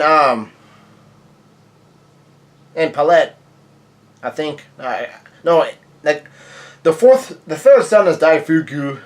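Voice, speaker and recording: Male comic reviewer, rambling casual recap, fairly high voice. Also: lively intonation, slow, long pauses. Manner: rambling, many fillers and restarts. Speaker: manga reviewer.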